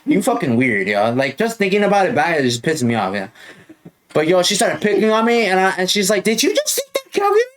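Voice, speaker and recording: A young man in a relaxed podcast chat, telling stories with a lot of swearing and laughter. His voice sits slightly high for a man. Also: a little fast. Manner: profane, animated storytelling with laughter. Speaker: podcast host. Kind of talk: casual chat.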